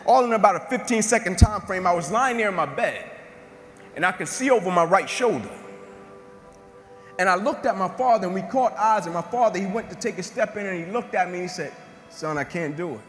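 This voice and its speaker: A man's voice: sits high, lively intonation, brisk, fairly bright tone, in a large hall. A man giving a motivational speech, telling his own story in an emphatic, repetitive way and acting out the dialogue. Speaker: motivational speaker. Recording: music bed under the voice.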